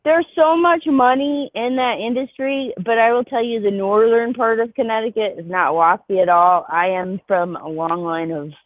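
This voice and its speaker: A woman's voice: fairly high pitch, steady tone, moderate pace, few pauses, dry recording. A woman chatting candidly on a call, rambling and laughing easily. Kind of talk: casual chat. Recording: tinny phone-like call line.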